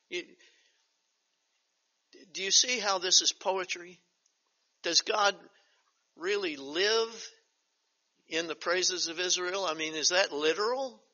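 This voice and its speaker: An older man teaching a Bible study as pastor, reading scripture slowly and emphatically, then breaking into chatty asides. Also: high-pitched, bright, forceful tone. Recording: dull lo-fi recording.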